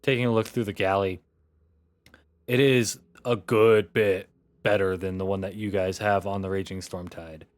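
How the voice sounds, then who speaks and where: A man narrating as game master of a tabletop game, relaxed and rambling with fillers. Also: sits low, normal speed, no room sound.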